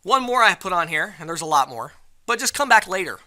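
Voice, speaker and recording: A man giving a live sales training presentation at an event, lively and acting out the excuses customers give. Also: sits high, a little fast. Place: event venue.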